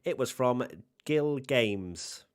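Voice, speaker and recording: A man's voice: medium pitch, lively intonation, drawn-out words, clean tone. A man co-hosting a live stream in casual chat, teasing and sarcastic. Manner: playful, teasing, sarcastic asides. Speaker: co-host of a live watchalong stream.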